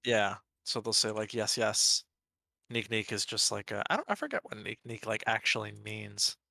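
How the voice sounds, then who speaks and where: Bright, dry-voiced American man chatting. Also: on the low side, a little fast, gravelly, no room sound. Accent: Washington, D.C. area American. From Washington, D.C. area, USA. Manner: rambling, laughs easily. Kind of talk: casual chat while sculpting.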